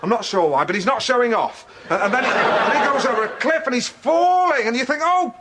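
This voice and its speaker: An actor playing a pompous, excitable middle-aged male TV presenter, acting out a film scene with sung and mouthed sound effects. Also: extremely high pitch, brisk. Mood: gleeful. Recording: loud noisy clip from a TV show.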